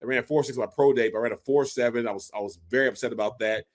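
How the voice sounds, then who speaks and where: A man in his forties co-hosting a casual sports podcast, an animated storyteller who acts out quotes as he recalls his playing days. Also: mid-range voice, very fast. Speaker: podcast co-host, former NFL fullback.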